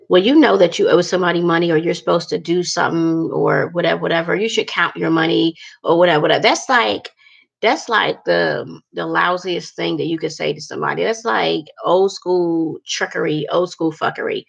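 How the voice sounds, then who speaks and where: Gravelly-voiced woman vlogging bluntly. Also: on the low side, steady tone, fairly quick, muffled recording. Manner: candid, blunt, cusses freely, many fillers. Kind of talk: casual talking-to-camera vlog.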